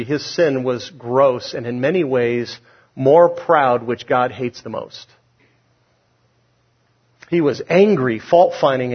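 Husky-voiced man preaching emphatically. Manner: emphatic, rising loud on key points and dropping low. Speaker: pastor. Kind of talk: sermon. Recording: dull lo-fi sound.

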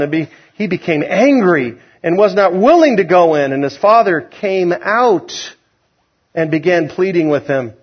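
A man preaching a sermon, emphatic, rising loud on key points and dropping low. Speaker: pastor. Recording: dull lo-fi sound.

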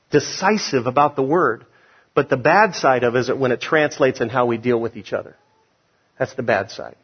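A man's voice: on the high side, breathy edge. A man preaching a sermon as pastor, emphatic and drawing responses from the congregation. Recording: dull lo-fi sound.

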